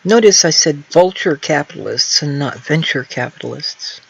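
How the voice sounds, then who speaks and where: Higher guy, hesitant and wry, talking politics, muffled lo-fi sound. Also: expressive, moderate pace, gravelly, slightly rough. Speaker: guest co-host. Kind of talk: casual political chat.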